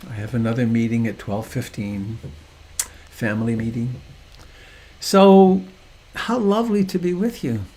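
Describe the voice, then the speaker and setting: An older man teaching meditation over a video call, speaking softly and unhurriedly with gentle humor. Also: mid-range voice, unhurried.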